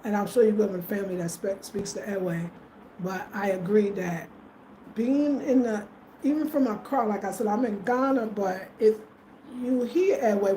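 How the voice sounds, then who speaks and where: Her voice is dark and sits in the mid-range. She is a middle-aged woman from the US, a vlogger answering live chat from a rural home in Ghana, casually chatting with viewers and thanking them by name, recorded in an echoey room with faint ambient noise.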